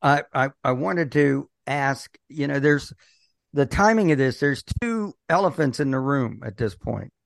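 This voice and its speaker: Man, interview host, slow, halting, dry close sound. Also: medium pitch, animated, creaky, dry recording. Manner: halting, repeats words as he starts a question. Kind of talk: conversational interview.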